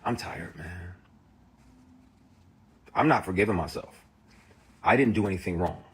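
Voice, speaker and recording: Man, very low voice, intense straight-to-camera rant, salty and emphatic. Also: a little slow, slightly rough. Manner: emphatic, profane, heated storytelling. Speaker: actor. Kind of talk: impassioned direct-to-camera rant.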